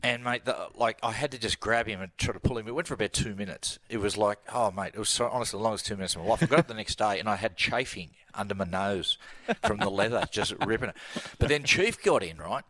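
Aussie bloke yarning away on radio, deep-ish voice, dead dry sound. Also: male voice, animated, quick pace, few pauses, a bit bright, no echo. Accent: Australian. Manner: yarn-spinning, laughing storyteller. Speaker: sports commentator guest. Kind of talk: casual radio chat.

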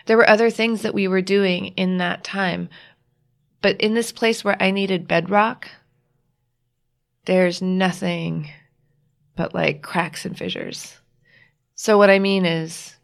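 A married adult woman with a child, appearing as a guest author, shares a personal story in a lowish, gravelly voice. She's reflective and halting, often restarting and quoting what others told her.

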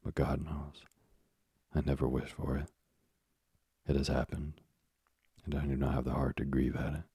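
A man reading the part of an earnest young male sailor, a devoted son, in a soft, slow voice. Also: rumbling low, level tone, vocal fry, slightly rough, no room sound, studio quality, full character voice.

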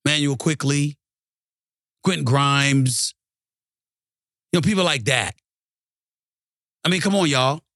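A man's voice: fairly high pitch, slow, long pauses, a bit bright, dry recording, clean studio sound. A man hosting a sports talk show, ranting emphatically and repeating lines for punch. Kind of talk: ranting sports commentary monologue.

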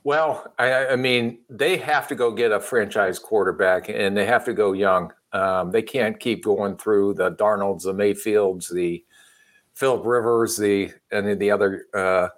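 Low-voiced man, joking sports talk. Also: steady tone, unhurried, fairly bright tone. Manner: joking, rambling, enthusiastic. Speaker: sports analyst panelist. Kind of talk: casual sports analysis.

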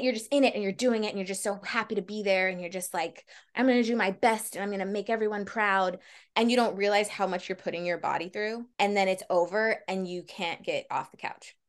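A woman talks as a podcast guest in an easy, conversational way. Her voice is mid-pitched, and she moves from animated, laughing stretches to quieter, reflective thoughts. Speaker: guest, Broadway actress. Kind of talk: casual interview chat.

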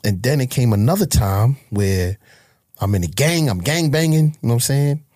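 A man's voice: medium pitch, lively intonation, moderate pace, a little mellow, dry recording, clean studio sound. A man, telling his life story as a guest in a blunt, profane, emotional way. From Harlem, New York. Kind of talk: candid life-story interview.

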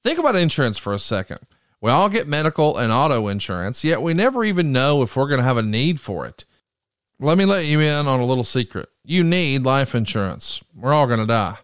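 A man's voice: sing-song, a little fast, clear, resonant tone, no echo, studio quality. A man hosting a podcast, reading a sponsor ad in an earnest, direct way. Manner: earnest, direct sales pitch. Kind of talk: host-read ad.

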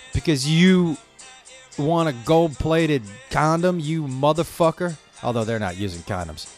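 A man delivering an angry, profanity-heavy, stream-of-consciousness rant to his viewers. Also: a little high. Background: faint music playing.

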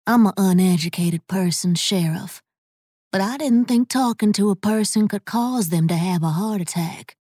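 A woman voicing a tired, unbowed frontier woman in a western tale, speaking low with dry wit. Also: normal speed, warm tone, no echo, lightly acted. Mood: dry, weary. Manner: low, weary, dry-witted.

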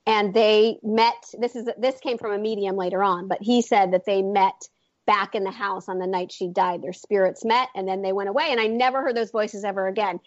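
A woman's voice: mid-range voice, steady tone, brisk, dry recording, lo-fi sound. A woman in her forties, an author and intuitive, chatting as an interview guest and rambling through her story with many fillers and restarts.

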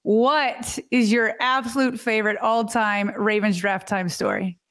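A woman's voice: a little high, fairly even intonation, measured pace, fairly bright tone. Conversational woman host asking questions. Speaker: host of a sports show. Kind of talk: interviewing a guest.

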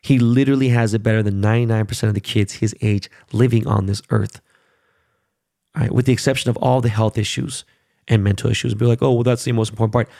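A man's voice: lowish voice, steady tone, a little fast, gravelly, mellow, no echo, clean studio sound. A man in his thirties telling viewers a heated story about his son, swearing and repeating himself. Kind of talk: casual monologue to viewers.

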